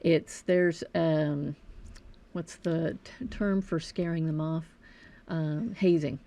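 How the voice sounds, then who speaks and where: Nature center director lady, deep gravelly voice, tells animal stories with lots of life. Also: slow. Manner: animated storyteller, informative. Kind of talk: casual interview.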